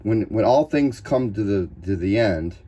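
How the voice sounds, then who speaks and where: A man's voice: on the low side, expressive, measured pace, dark tone, breathy edge. A man vlogging in a casual, rambling way, chatting and jumping from one topic to the next. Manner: chatty, scattered, jumps between topics. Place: at home, then outdoors in a store parking lot.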